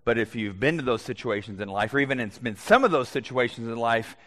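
A male pastor preaches a sermon in an easygoing, conversational way, lifting into animated bursts now and then. His voice sits at an ordinary pitch for a man. It rings out in a church sanctuary with a long, lingering reverb. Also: quick pace. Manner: conversational, animated at times, with restarts. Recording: long echo of a church hall.

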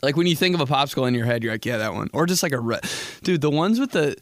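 A man's voice: a little high, expressive, rapid-fire, no echo, studio quality. Profane rambling young podcast host, man. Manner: profane, rambling, jokey storytelling. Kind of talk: solo casual podcast chat.

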